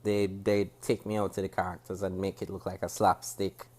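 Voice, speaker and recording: A Jamaican man with a fairly low voice gives a spoken review straight to camera. His delivery is critical and measured. He breaks off and restarts sentences as he works through his points. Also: flat delivery, a little mellow, breathy edge. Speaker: TV show reviewer. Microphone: camera facing the speaker.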